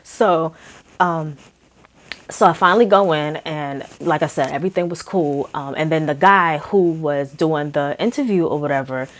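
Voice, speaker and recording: A young woman tells a story casually. She talks in an animated, chatty way and acts out both sides of each conversation. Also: low voice, moderate pace. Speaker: makeup artist and vlogger.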